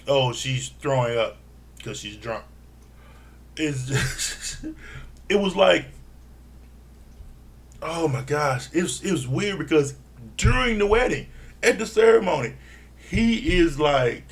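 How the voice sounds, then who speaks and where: Profane, laughing man recapping reality TV. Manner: blunt and profane, laughing often; animated, mimics people in higher voice. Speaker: reality TV reviewer. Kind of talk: casual recap commentary.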